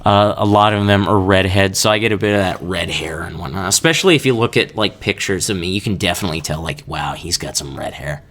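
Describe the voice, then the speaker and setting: A man's voice: low-pitched, quick pace, hardly any pauses, fairly bright tone. A young man hosting a casual solo podcast, rambling and joking with laughs between his thoughts. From Kansas. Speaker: podcast host.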